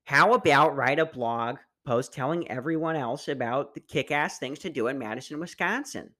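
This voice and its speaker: A man's voice: mid-range voice, normal speed, sharp tone. A man putting on the voice of a chirpy, heavyset Midwestern woman travel blogger for a mocking read-aloud. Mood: gushing.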